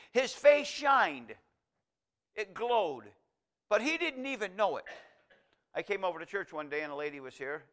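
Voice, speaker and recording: A male pastor preaching a folksy, digressive sermon, reading scripture aloud and swinging between quiet asides and loud emphatic lines. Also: high voice.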